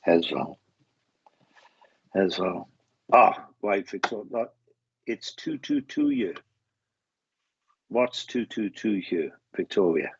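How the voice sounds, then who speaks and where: A Welsh man working as a medium gives live readings to viewers, talking in a halting way and often repeating words and starting over. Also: fairly low pitch, animated, breathy edge, no echo, lo-fi sound. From Wales.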